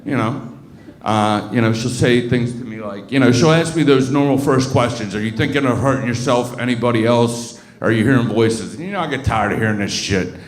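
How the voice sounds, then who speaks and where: A man's voice: mid-range voice, brisk, reverberant. A man in his thirties from Baltimore doing a crude, rambling stand-up set, full of fillers and restarts. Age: 30s. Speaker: stand-up comic. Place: comedy club stage.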